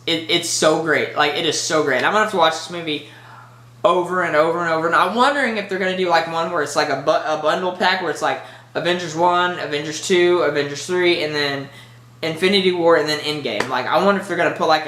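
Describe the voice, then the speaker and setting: A movie reviewer giving a casual spoiler review, rambling and excitable with lots of filler words. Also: mid-range voice, reverberant.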